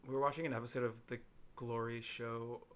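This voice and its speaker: A man's voice: medium pitch, brisk. A young man from Illinois co-hosting a podcast, telling stories in a rambling way with lots of fillers. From Illinois, USA. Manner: rambling, filler-heavy storytelling with animated quoted voices. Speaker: podcast co-host. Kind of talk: casual chat.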